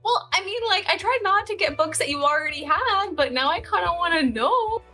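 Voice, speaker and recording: A woman's voice: very high voice, expressive, brisk, pushed and bright, faint music behind, pitched above the performer's own voice, heavily acted. A woman voicing a sweet, awkward young woman in a tabletop game, hesitant and rambling. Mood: giggly.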